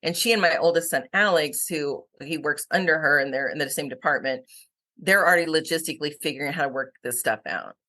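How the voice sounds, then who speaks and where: A middle-aged woman, a company founder, telling stories in a fast, energetic podcast chat. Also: low-pitched.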